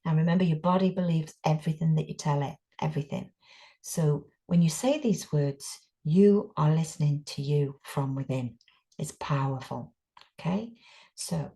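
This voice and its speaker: A woman teaching breathing techniques in a calm guided meditation, giving soothing step-by-step instructions with frequent "okay"s and sometimes dropping to soft whispers. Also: sits low, moderate pace. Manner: drops to soft whispers at times.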